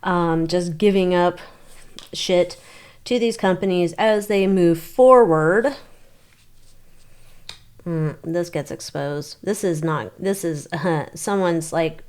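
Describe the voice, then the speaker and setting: A woman's voice: fairly low pitch, slow, a little mellow. A woman reading tarot cards on her channel, thinking aloud in a loose, chatty way and swearing now and then. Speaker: tarot reader. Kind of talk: casual tarot reading monologue.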